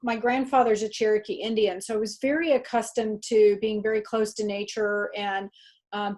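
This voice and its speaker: A woman guest on a podcast, explaining ideas in an earnest, steady way. Her voice sits somewhat high. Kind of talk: casual chat.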